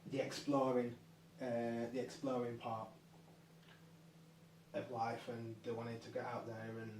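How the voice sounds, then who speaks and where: Man, rambling casual explainer, mid pitch, roomy distant recording. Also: monotone, a little slow, darkish tone. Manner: rambling, hesitant, lots of fillers and restarts. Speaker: channel host. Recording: echoey room, distant mic, faint noise.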